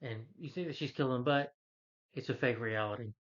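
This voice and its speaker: A man's voice: mid-range voice, a little fast, fairly bright tone. Guy rambling through a movie recap, lots of restarts, medium voice, kinda dull lo-fi audio. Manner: rambling, with many restarts and fillers; quotes characters in his own voice. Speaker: film reviewer. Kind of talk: casual plot recap.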